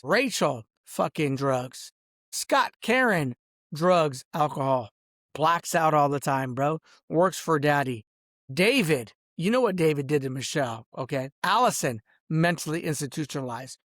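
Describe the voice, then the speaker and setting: Man, gravelly, slightly high, dry close mic, angry profane rant with "bro" filler. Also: a bit bright, dry recording. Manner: profane, repeats "bro" constantly, jumps to shrill high outbursts. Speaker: vlogger ranting to camera.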